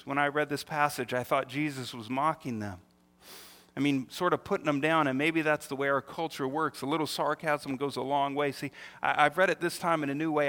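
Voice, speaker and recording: Bright-voiced preacher man in a reverberant hall. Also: a little high. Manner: emphatic preaching with rhetorical questions and acted-out quotes. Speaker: pastor. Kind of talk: sermon.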